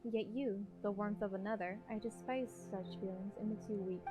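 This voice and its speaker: A calm, menacing game villain who lulls a foe into sleep, read aloud by a woman. The delivery is slow and coaxing, with game music clearly behind. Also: mid-range voice, lo-fi sound, natural voice. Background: game soundtrack music.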